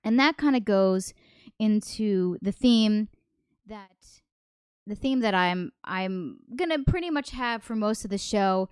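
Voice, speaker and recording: A woman's voice: mid-range voice, lively intonation, unhurried, darkish tone, smooth, no room sound, studio quality. A woman hosting a livestreamed variety show, chatting in a rambling, self-deprecating way and greeting viewers by name. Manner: self-deprecating, nervous, laughs often. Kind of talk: casual livestream chat.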